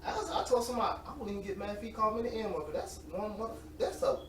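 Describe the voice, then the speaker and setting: A man in his late twenties, an interview guest, telling animated, slangy stories and laughing often. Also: high-pitched, rapid-fire. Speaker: interview guest, semi-pro football player. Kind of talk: casual storytelling. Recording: roomy, distant mic with faint noise.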